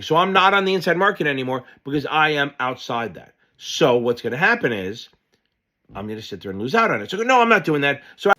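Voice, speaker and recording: A man teaching exam material by telling a rambling personal anecdote. He talks in an animated, offhand way and drops the odd curse. His voice sits at an ordinary, middle pitch. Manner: animated storyteller, loose and profane. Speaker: exam prep tutor. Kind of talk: casual lesson told through a personal anecdote.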